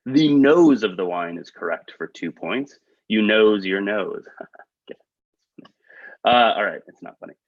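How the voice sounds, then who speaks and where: Male trivia host, lively delivery, jokey asides, lo-fi video call sound. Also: lowish voice, no echo. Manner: upbeat, quick asides, chuckles at own jokes. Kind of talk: reading trivia questions, joking asides. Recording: dull, lo-fi video call audio.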